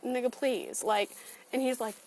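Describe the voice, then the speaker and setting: A woman with a somewhat high voice rants into her computer webcam, sarcastic and full of profanity. She swings between mocking asides and heated complaints, talking casually straight to the viewer. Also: a little slow, a little hiss or hum, rough recording. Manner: animated, sarcastic and profane ranting. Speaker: vlogger. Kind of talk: webcam opinion rant.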